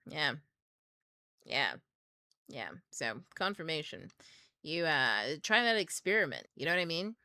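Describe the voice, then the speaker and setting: A woman's voice: deep voice, sing-song, unhurried, pauses often, sharp tone, no room sound. A young adult woman hosting a book club stream, telling a story in a chatty way with many fillers and frequent laughs. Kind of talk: casual storytelling livestream.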